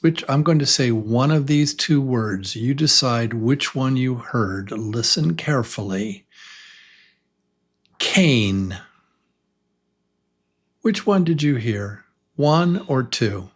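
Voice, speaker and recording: A man leading a beginner pronunciation class at an extremely slow, deliberate pace. He is patient and stretches out each vowel, says words over and over, and asks simple questions for learners to answer. His pitch sits in the middle range. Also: expressive. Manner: very slow, drawn-out vowel demonstrations and repetition. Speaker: ESL teacher.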